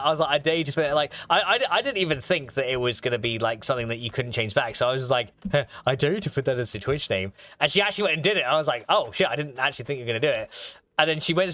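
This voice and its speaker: A man's voice: a little high, sharp tone. A man streaming a video game, chatting casually, stammering through restarts, laughing and swearing as he plays. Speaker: gaming streamer. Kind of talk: casual live gameplay chat. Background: game music.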